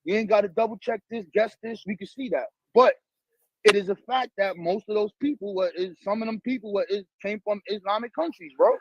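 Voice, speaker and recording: High-voiced New York man, streetwise talk. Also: a little fast, dry recording. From New York, the Bronx. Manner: streetwise, profane, animated storytelling. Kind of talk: casual conversation. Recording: dull lo-fi audio, dry.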